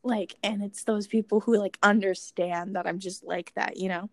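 A woman's voice: mid-range voice, fairly even intonation, normal speed, no echo. A young woman chatting casually, rambling with many fillers and speaking frankly, with some swearing. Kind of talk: casual chat.

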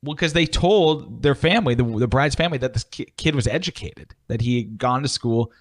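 A man of middling pitch tells an anecdote in a relaxed podcast chat. His intonation rises and falls a lot, and he pokes fun at himself as he goes. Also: brisk. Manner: wry, self-mocking storyteller. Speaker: podcast co-host. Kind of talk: casual storytelling chat.

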